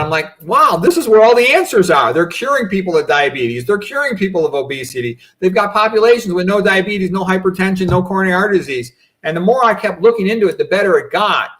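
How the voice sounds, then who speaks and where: A man in his fifties, a doctor appearing as a guest on a video-call talk show, answers interview questions in a reflective, rambling way full of asides. He keeps saying "you know" and "okay." His voice is a little high with a fairly bright tone.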